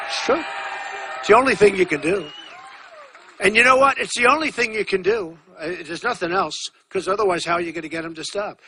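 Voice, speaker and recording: A man's voice: sits high, a little fast, bright, forceful tone, slightly rough. A man in his sixties giving a campaign rally speech, talking in a repetitive, boastful, conversational way with asides to the crowd. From United States. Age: 60s. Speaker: political candidate speaking at a rally.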